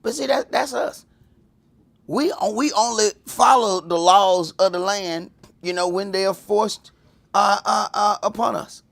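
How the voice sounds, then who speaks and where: A man teaching a religious class in a lively preaching style, telling stories and acting out voices, swinging from loud to hushed. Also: sits high, a little slow, gravelly. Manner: animated, storytelling, acts out voices, swings from loud to whispered.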